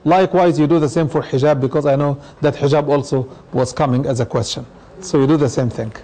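A man's voice: on the high side, mellow, rough recording. A middle-aged man, an imam, giving an explanatory talk to an audience, using anecdotes and taking questions. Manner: explanatory, uses anecdotes and acted quotes.

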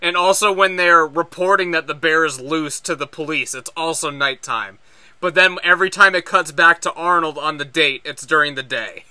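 Sharp-voiced man laughing along. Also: on the high side, moderate pace, clear, resonant tone, no room sound. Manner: laughs often, chimes in with short agreements. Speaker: podcast co-host. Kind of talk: casual chat, film review.

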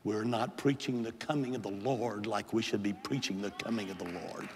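With a fairly low, rather even voice at a moderate pace, an aging bishop preaches a fervent Pentecostal sermon and altar call that builds from pleading to hollering. The background is noisy, and the big church lends a long hall reverb.

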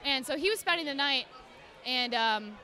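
A young woman chatting as a podcast guest, telling animated stories and acting out quotes in voices. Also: high-pitched, normal speed, a faint crowd. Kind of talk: casual chat.

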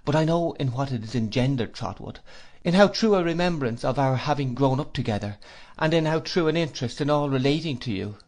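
A man reading an audiobook, voicing a gentle, earnest young woman who speaks softly and steadily. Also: mid-range voice, expressive, fairly quick, pitched above the performer's own voice, natural voice.

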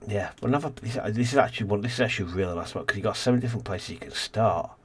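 A man's voice: lowish voice, racing, breathy edge. A man casually commentating a city-building game as host, rambling and thinking aloud, tired and yawning. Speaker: let's play host.

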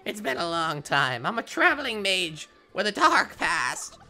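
A synthetic voice speaking as a calm, earnest game villager in even, solemn scripted lines. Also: female voice, mid-range voice, measured pace, faint music behind, full character voice. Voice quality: synthetic speech voice. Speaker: game character. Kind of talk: video game dialogue.

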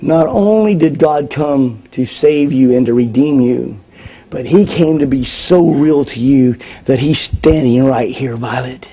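Husky preacher man, fervent sermon, dull lo-fi church recording. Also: medium pitch, a little slow. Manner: passionate preaching, swings from loud to hushed. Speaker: pastor. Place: church service.

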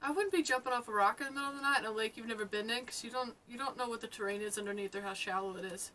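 A woman's voice: fairly high pitch, racing, sharp tone, slight background noise. A woman hosting a casual reaction commentary, chatting and exclaiming at the screen. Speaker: host.

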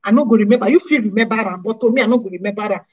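A woman with a Nigerian Pidgin accent, talking straight to her viewers in an animated, scolding way and firing off rhetorical questions. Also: fairly high pitch, racing, husky, highs cut off. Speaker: vlogger. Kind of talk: casual monologue to camera.

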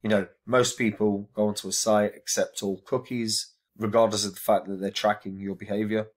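Man, crypto reviewer, casual talk, earnest, emphatic, somewhat low voice. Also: little pitch movement, moderate pace. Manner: earnest, emphatic, repeats phrases for stress.

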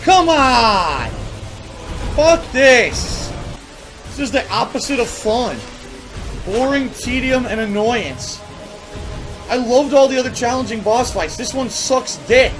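A man with a fairly high voice rants profanely while he plays, swinging between frustrated yelling and dry sarcasm. Loud game music plays behind him the whole time. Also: animated, slow pace, long pauses. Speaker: gaming streamer. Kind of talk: live gameplay commentary.

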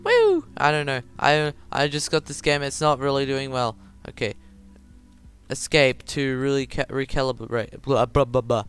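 A man playing a voice-controlled game and talking to his viewers in a chatty, confused way, now and then breaking into loud high yells, with his mic held close to his mouth. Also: little pitch movement, normal speed, smooth, soft background music. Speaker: gaming YouTuber. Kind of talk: casual let's play commentary. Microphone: handheld mic held close to the mouth.

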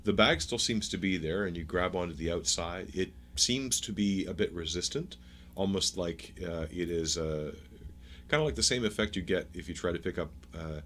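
Deep-voiced man narrating as game master. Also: fairly bright tone, slight background noise. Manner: halting, descriptive narration with many fillers.

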